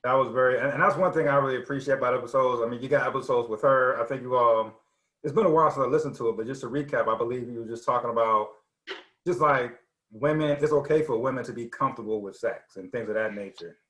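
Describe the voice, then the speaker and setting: A man's voice: medium pitch, fast. Man, laid-back interviewer, lots of uhs and ums, casual chat, roomy echo. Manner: relaxed, many fillers like uh and um.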